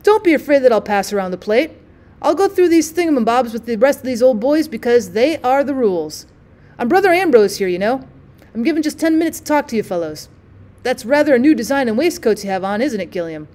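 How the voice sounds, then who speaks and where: A woman's voice: on the high side, big pitch swings, fairly quick, a little mellow. A woman reading the part of a cheerful, soothing former dandy who became a monk. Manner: easygoing, soothing.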